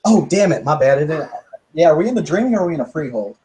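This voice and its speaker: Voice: medium pitch, sing-song, fast talker, warm tone, slightly rough. A brash player talks bluntly and swears freely around the gaming table. Their remarks come short and punchy. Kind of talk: tabletop role-play, casual chat.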